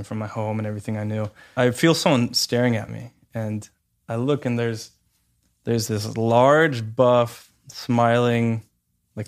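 A man giving a personal testimony, talking hesitantly with many fillers and restarts but growing lively when he quotes people. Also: mid-range voice.

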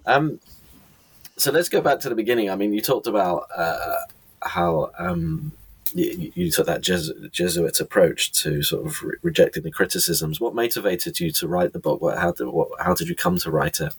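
A man hosting a podcast, asking questions in halting, hesitant phrases. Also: low-pitched, expressive, breathy edge. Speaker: podcast host. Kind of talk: interview questions.

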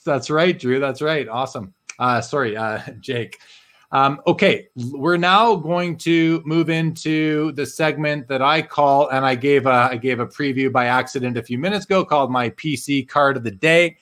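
A man's voice: mid-range voice, normal speed, fairly bright tone. A man hosting a live interview show in a friendly, conversational manner. He asks questions and reads out viewer comments. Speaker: host.

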